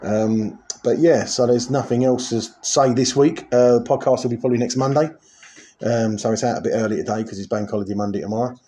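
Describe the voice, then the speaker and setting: Mellow-voiced podcast host. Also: male voice, mid-range voice, steady tone, brisk. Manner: rambling, many ums and uhs. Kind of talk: casual podcast chat.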